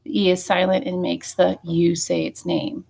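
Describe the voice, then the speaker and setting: A woman's voice: lowish voice, monotone, moderate pace, vocal fry, a little mellow. A woman teaching a phonics lesson, patient and checking in with students often. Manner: patient, checking in with frequent "okay?" and "right?".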